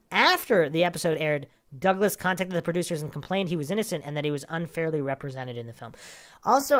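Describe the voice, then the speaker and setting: A woman hosting a true crime podcast, casually talking through a case and reading a magazine article aloud with brief asides. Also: low voice. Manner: casual, with asides between read passages. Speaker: podcast host.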